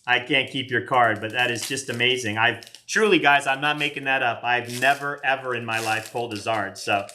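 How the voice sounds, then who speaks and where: Man, late fifties, bright tone, chatty and rambling, live-stream card opening. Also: mid-range voice, normal speed, few pauses, a little hiss or hum. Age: 50s. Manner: chatty, rambling, self-deprecating. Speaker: card collector doing a live box break. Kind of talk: casual live-stream chat.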